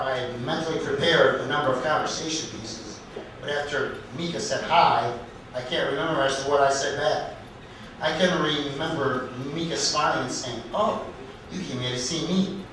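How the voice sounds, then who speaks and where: A man at an open mic night in a comedy club, telling a story in a halting, deliberate way and correcting himself as he goes. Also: a little high, fairly bright tone, slight background noise. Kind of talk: storytelling stand-up set. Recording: echoey club recorded from far off.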